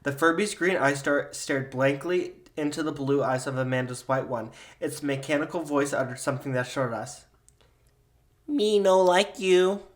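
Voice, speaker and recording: A man hosting a podcast, reading a spooky story aloud in steady storytelling narration. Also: medium pitch, moderate pace, few pauses. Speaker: podcast host.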